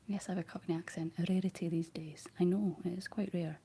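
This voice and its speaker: A young Scottish woman whispering soft ASMR chat, rambling gently to her viewers while she paints, close on the mic. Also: fairly low pitch, steady tone, fast talker, slightly rough. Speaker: ASMR livestream host.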